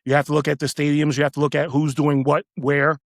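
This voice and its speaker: A middle-aged man, a retired police officer, telling stories casually, halting and repeating words as he acts out quoted dialogue. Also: a little high, level tone, vocal fry, no echo, studio quality. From United States. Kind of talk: casual storytelling.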